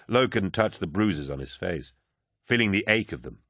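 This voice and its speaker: A man reading an audiobook aloud, measured and unhurried. His voice is exceptionally deep with a husky grain, and the sound is close and dry with no room around it. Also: lively intonation, a bit bright, dry recording. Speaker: narrator. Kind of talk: scripted audiobook narration.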